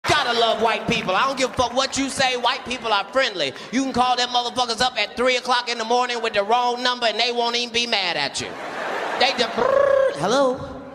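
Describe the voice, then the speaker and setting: A man telling loud, profane stand-up stories. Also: very high-pitched, fast talker, few pauses. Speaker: comedian. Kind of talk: stand-up comedy. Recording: live stage, loud crowd and noise.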